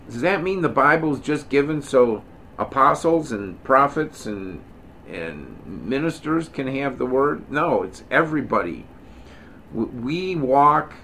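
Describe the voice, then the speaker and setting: Middle-aged male Bible teacher, casual and digressive, mid-pitched voice, stresses the scripture he reads. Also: a bit bright, slight background noise. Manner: digressive, self-correcting, joking asides; reads scripture aloud with emphasis. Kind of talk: informal Bible study teaching.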